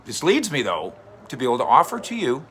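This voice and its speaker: Bright-voiced, chatty male sports columnist. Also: medium pitch, fast, a little hiss or hum. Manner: chatty, animated storytelling with fillers. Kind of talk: casual commentary to camera.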